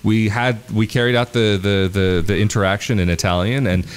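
American host, low-pitched man, chatty, tells stories with a laugh. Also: a little fast, clean tone. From United States. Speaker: podcast host. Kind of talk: casual interview chat.

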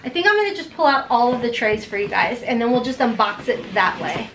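A woman in her forties unboxing beauty products in a vlog, gushing and gasping with excitement. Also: a little high, brisk, background noise. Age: 40s. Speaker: beauty vlogger.

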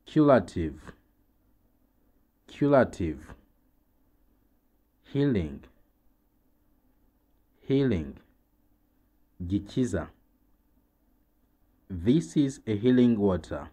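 Slow deep-voiced Rwandan man drilling words. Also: big pitch swings, dark tone. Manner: very slow, deliberate, repeats each word twice. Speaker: English teacher. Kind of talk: slow vocabulary drill with translations.

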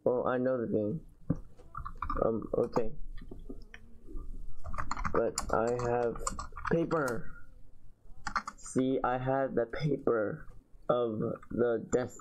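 A man's voice: mid-range voice, drawn-out words, long pauses, darkish tone, slight background noise, low-quality recording. A man giving casual let's-play commentary, chatty and slangy, talking to fellow players. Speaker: gamer.

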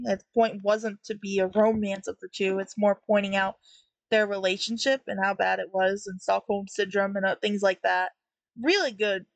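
A young woman reviews a comic out loud, chatty and critical, with laughs between her remarks. Her voice is mid-pitched and sits in a dry, close recording with no room sound. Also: dry recording. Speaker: webtoon reviewer. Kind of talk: casual commentary while reading.

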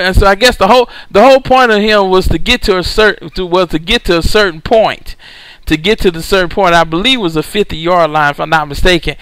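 Male preacher, high smooth voice, dry close sound, repetitive emphatic delivery. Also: fairly quick, fairly bright tone, dry recording, low-quality recording. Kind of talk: recorded sermon.

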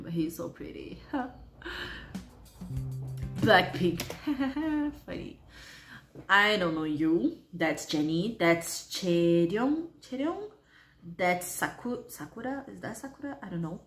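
A woman's voice: on the low side, very animated, takes it slowly, long pauses, a bit bright, reverberant, soft background music. A woman hosting a reaction video, talking casually and unsure of herself, muttering guesses and often laughing.

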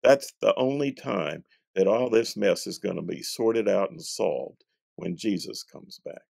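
Gravelly, husky-voiced man, measured and emphatic. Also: fairly low pitch, a little mellow, no echo. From North Carolina, USA. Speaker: guest Bible scholar. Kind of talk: thoughtful interview answers.

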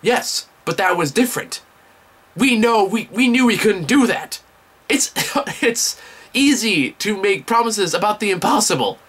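Man doing an exasperated dad, raised pitch. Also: animated, unhurried, a bit bright, slightly rough, heavily acted. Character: exasperated middle-aged father explaining himself.

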